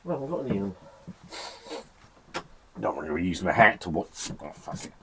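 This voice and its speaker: A man's voice: low voice, sing-song, moderate pace, bright, forceful tone, a little hiss or hum. A man from England casually reviewing a beer in a cold shed, chatty and sweary, rambling with self-deprecating laughs. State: shivering from the cold.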